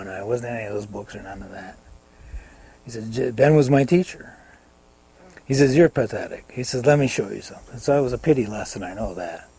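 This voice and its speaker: A man's voice: lowish voice, dark tone, husky. An older American man telling rambling golf stories in a casual interview, chuckling now and then. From United States. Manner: rambling anecdotal storyteller with chuckles.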